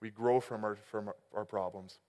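A man in his thirties preaching a sermon, telling a personal story and swinging between loud and quiet passages. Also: lowish voice, fairly even intonation, moderate pace, big-room sound. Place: church hall.

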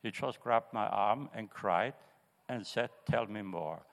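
An older man from Austria, sharing his personal testimony in church in a halting way, with fillers and restarts. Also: on the low side. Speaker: congregation member sharing testimony. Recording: reverberant church hall.

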